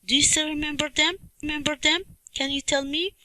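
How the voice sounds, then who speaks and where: A woman teaching a children's English lesson, speaking slowly and clearly and repeating questions and word drills. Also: sits high, fairly even intonation, pushed and bright, no echo, low-quality recording. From Libya. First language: Arabic.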